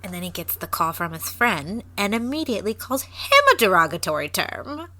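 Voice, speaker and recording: A woman's voice: fairly low pitch, sing-song, fairly quick, pushed and bright. A woman co-hosting a podcast, chatting casually about a movie, swearing, laughing and getting worked up. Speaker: podcast co-host.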